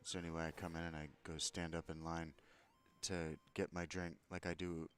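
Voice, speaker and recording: A man's voice: low voice, flat delivery, normal speed, clear, resonant tone, faint music behind. A man telling an angry, profane story about a confrontation, aggrieved and heated. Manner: profane, aggrieved, retells a confrontation with mounting anger. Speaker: vlogger.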